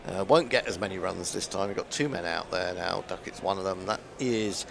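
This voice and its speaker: A man's voice: low voice, brisk, creaky, noisy background. A man doing ball-by-ball cricket commentary, chatting and musing aloud as he calls the play.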